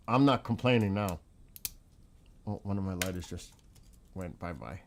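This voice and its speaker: A man's voice: deep voice, moderate pace, pauses often, a little hiss or hum. A man hosting a casual livestream, reading viewer chat and exclaiming in astonishment, often repeating himself.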